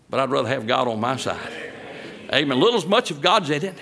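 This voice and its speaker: A man preaching a sermon, reading scripture slowly and then rising into loud, emphatic exhortation. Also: medium pitch, big pitch swings, vocal fry. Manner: reads old scripture in a slow solemn cadence.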